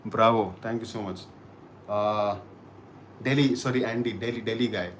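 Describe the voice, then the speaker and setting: Male streamer from Kashmir, rambling chatty delivery, slightly low pitch, faint background noise. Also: fairly even intonation, moderate pace. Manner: chatty, repeats words and restarts, thanks viewers. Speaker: livestream host. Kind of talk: casual live-stream chat reading comments.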